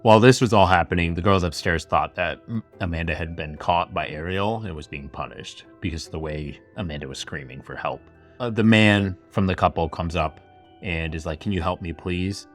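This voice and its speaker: Man, low pitch, casual storyteller, lots of "like" and asides, podcast host. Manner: chatty retelling full of "like" and asides. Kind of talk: casual true-crime storytelling. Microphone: camera-facing setup.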